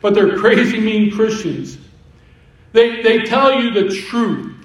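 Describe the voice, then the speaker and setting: A man's voice: sits high, animated, slow. A man preaching a sermon as pastor, in a conversational way with repetitions and asides. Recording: echoey room, voice from a distance.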